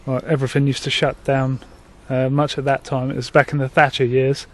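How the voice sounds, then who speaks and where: A man's voice: mid-range voice, little pitch movement, brisk. A man from England telling a group about a past night out, with fillers. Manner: plain storytelling with fillers. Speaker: group member. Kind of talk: telling a personal story.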